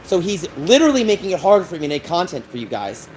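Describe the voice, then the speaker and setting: A high-pitched man rants to his stream chat in an agitated, rambling way, circling back and repeating himself. Loud traffic noise runs behind his voice throughout. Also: big pitch swings, fast talker, rough recording. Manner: agitated, rambling storytelling with repetitions. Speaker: livestreamer. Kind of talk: livestream chat, ranting to viewers.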